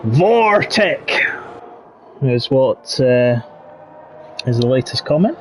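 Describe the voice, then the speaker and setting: A man leading live commentary on an online racing league, chatty between bursts of excited race calling. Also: medium pitch, takes it slowly, slight background noise. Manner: chatty, rises to excited shouting at race action.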